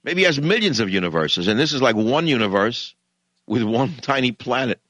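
A middle-aged man hosts a radio talk show, ranting in a sarcastic, combative monologue. His voice sits at a middle pitch and swings between muttered asides and loud, lively outbursts. The sound is dry and close. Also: fairly quick, no room sound.

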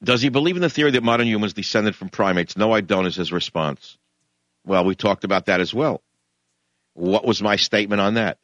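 A middle-aged man hosting a radio talk show, delivering a combative, sarcastic monologue that swings from mutters to loud, animated bursts. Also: fairly low pitch, a little fast, no echo.

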